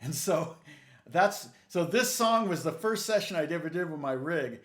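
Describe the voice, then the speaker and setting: Male guitar teacher, slightly high voice, animated rambling storyteller, echoey room. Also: normal speed. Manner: rambling, animated, acts out both sides of a story. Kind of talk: casual storytelling on a livestream.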